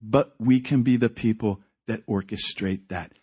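Husky man preaching with rising fervor. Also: on the low side, measured pace, warm tone. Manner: acts out quotes, rising to intense fervor. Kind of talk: sermon storytelling.

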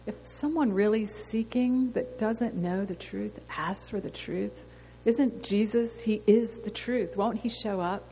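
Speaking to a women's gathering as a ministry speaker, a woman delivers an earnest sermon testimony, telling a story and posing rhetorical questions. Her mid-range voice has a dark tone and a slightly slow pace. Long hall reverb and faint noise color the recording.

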